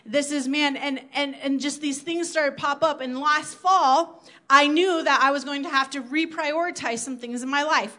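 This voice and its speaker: A woman's voice: sits high, normal speed, sharp tone. A woman from South Dakota giving an earnest, conversational sermon to her church, acting out her own inner thoughts as she goes. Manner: earnest, conversational preaching with acted-out inner quotes. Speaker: church speaker.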